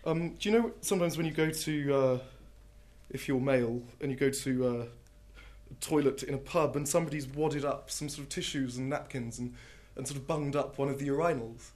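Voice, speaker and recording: A man, a comedian and poet doing stand-up and reading his poems with a dry deadpan delivery. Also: medium pitch, a little fast.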